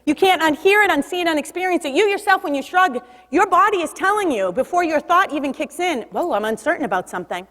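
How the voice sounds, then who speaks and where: A woman giving an energetic public talk about body language, leading the audience to repeat after her. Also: very high-pitched, fairly quick, hardly any pauses. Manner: lively, leads audience call-and-response. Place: stage in a large hall. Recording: long hall reverb.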